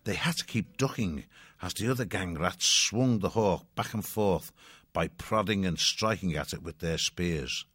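A man narrating a storybook chapter in a measured, expressive way. His voice is fairly low but bright and forward. The recording is close and dry. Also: slightly rough, no room sound. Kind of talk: audiobook narration.

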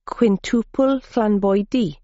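A man's voice: sits high, slow, mellow, no room sound. A woman voicing a wily Welsh male cheese smuggler who speaks in a sing-song, salesman-like way, on a dull lo-fi recording. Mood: salesy.

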